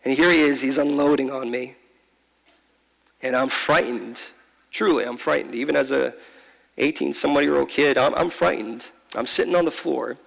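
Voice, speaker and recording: A man preaching a sermon, telling a personal story in a heartfelt, halting way, often repeating words and slowing down for emphasis. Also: medium pitch, vocal fry, a bit bright, in a large hall, rough recording. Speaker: pastor. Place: large church.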